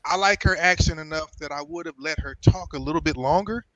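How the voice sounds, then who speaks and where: An American man co-hosting a casual live-stream chat, joking and animated and swearing freely. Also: a little high, brisk, a loud crowd, poor audio. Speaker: podcast co-host.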